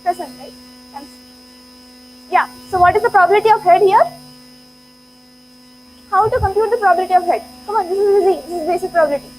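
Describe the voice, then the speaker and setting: Woman, very high voice, lecturer, interactive class, playful, quick laughs. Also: a little hiss or hum, rough recording. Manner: playful, laughs often, urges students on. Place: lecture hall.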